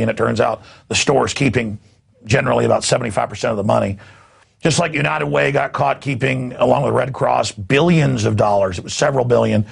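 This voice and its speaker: A man's voice: medium pitch, vocal fry, husky. A man hosting a news talk show, ranting with indignant sarcasm and repeating himself as he goes.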